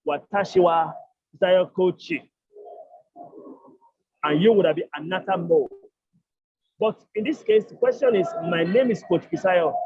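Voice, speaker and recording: A man teaching an online language class, explaining step by step and repeating each phrase slowly. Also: high voice, slightly rough, dry recording, highs cut off.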